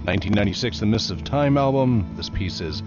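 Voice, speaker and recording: A fairly low-voiced man announces tracks and show times in a lively, swinging voice. His lo-fi radio sound has music playing clearly under it. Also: fast talker. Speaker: radio host. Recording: lo-fi radio recording.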